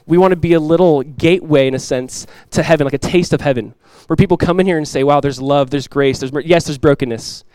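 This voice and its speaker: A man in his thirties, a pastor preaching a sermon in an earnest, animated way. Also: a little high, fast, few pauses, no echo, poor audio.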